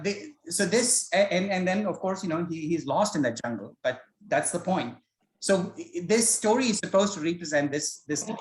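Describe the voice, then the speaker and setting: A man's voice: fairly high pitch, echoey room, low-quality recording. A man leading a scripture study session, talking in a hesitant, conversational way and telling stories as he explains. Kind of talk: informal spoken lecture with storytelling. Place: self-recorded study session.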